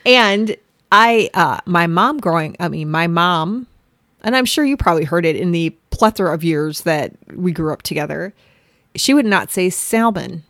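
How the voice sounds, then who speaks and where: Excitable lower-voiced woman co-host. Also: no echo, clean studio sound. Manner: quick, excitable, lots of "like". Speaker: podcast co-host. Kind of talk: casual chat.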